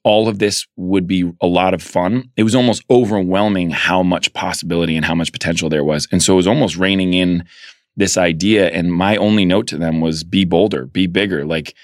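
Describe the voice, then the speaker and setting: A man interviewed as a filmmaker, telling anecdotes with animated energy and acting out the voices of the people in them. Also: low voice, brisk, no room sound, studio quality. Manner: animated storyteller, acts out quoted voices. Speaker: guest filmmaker. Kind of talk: casual interview storytelling.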